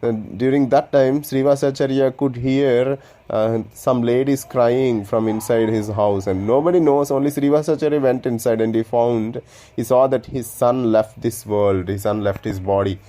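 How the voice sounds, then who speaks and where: A man's voice: medium pitch, fairly even intonation, normal speed, mellow. A man earnestly retelling a sacred story in a reverent, storytelling manner, with loose grammar. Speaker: devotional speaker. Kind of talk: devotional story telling.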